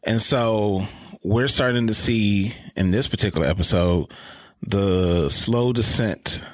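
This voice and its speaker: A man co-hosting a podcast in casual chat, animated as he recaps scenes and laughs often. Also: lowish voice, slow, no echo. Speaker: podcast co-host.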